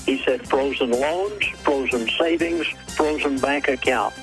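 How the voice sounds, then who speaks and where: A man's voice: medium pitch, a little slow, fairly bright tone, soft background music, low-quality recording. A man who is a guest on a call-in radio show, speaking urgently and dramatically while quoting a source word for word.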